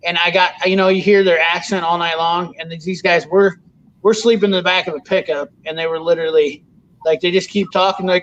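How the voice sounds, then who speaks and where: A man with a notably high voice chats casually, rambling through long stories and swearing as he goes. The recording is dull and lo-fi. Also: fairly even intonation, a little fast, a bit bright, slight background noise. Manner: rambling storyteller, swears freely. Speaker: podcast host. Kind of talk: casual chat. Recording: dull lo-fi sound.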